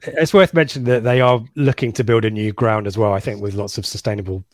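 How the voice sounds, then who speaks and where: A man's voice: lowish voice, fairly even intonation, quick pace, darkish tone, dry recording. A man hosting a casual football podcast, chatty and rambling, laughing at his own slips. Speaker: podcast host.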